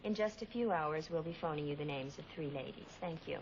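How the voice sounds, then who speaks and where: A woman's voice: sits low, brisk. A polite dating-agency interviewer who works methodically through her questions. The recording is dull and noisy, like an old TV drama. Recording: dull old TV soundtrack, hiss.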